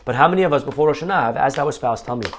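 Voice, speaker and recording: A man, a rabbi, giving an animated sermon and acting out other people's voices. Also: medium pitch, rapid-fire, slight background noise. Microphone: online class mic.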